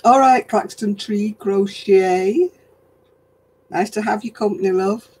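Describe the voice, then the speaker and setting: An older woman from northern England with a softened regional accent, hosting a casual craft live stream, chatting with viewers and chuckling often. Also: medium pitch, slow pace, breathy edge, rough recording. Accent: softened northern English. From Oldham, England. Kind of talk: casual chat answering viewer comments.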